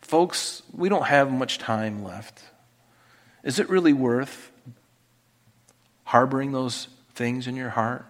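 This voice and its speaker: A man preaching a sermon, earnestly pleading about forgiveness, and rising in pitch and volume as he reads scripture aloud. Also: slow pace, long pauses. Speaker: pastor. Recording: long hall reverb.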